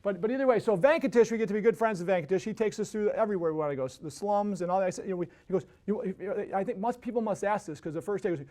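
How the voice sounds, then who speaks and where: High-voiced fast-talking man telling stories. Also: a little mellow. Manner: rambling, many restarts and tag questions. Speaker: podcast host. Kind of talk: casual storytelling.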